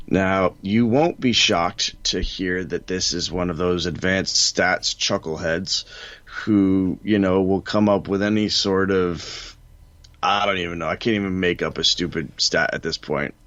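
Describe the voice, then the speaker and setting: A man's voice: deep voice, unhurried, fairly bright tone, no room sound. A man co-hosting a casual sports podcast, ranting bluntly and dismissively. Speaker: podcast co-host. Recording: dull, dry lo-fi sound.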